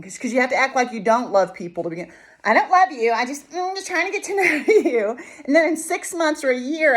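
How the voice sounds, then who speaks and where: A woman hosting a spiritual self-love talk in an animated, playful way, laughing often between thoughts. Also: medium pitch. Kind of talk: casual spoken reflection.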